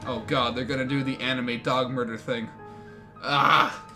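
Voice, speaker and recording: A man's voice: mid-range voice, flat delivery, fairly quick, pushed and bright. A man streaming a game, reading the story aloud with jokey, swearing asides. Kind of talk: reading a visual novel aloud on a live stream. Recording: game music behind voice.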